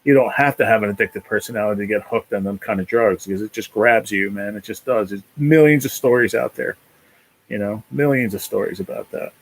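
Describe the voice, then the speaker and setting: A man's voice: on the low side, brisk, rough recording. A man hosting a casual live stream, talking in a rambling, emotional way, full of "you know", and close to tears. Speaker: livestream host.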